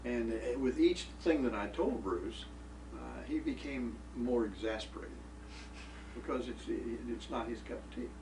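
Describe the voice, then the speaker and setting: A man's voice: mid-range voice, a little slow. A middle-aged man telling a family story in a homespun way, often repeating "I said" and "he says.". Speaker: father giving a tribute. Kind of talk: storytelling testimony. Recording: roomy room picked up from a distance with noise.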